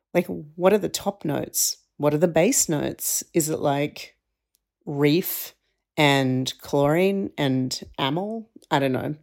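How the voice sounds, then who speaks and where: A woman's voice: low voice, vocal fry, darkish tone. A woman podcast co-host chatting in a breezy, rambling way in a casual voice memo. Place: walking around a city, sending voice memos.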